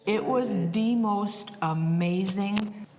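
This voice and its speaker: A woman, an aunt, talking excitedly and effusively in an interview. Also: mid-range voice, slow, big-room sound.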